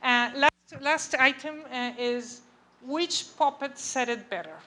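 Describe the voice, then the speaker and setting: Taking her time, the woman lectures in a high, pushed and bright voice, chatting with her audience and often checking "okay?" or "right?". Slight background noise is present in the lecture room.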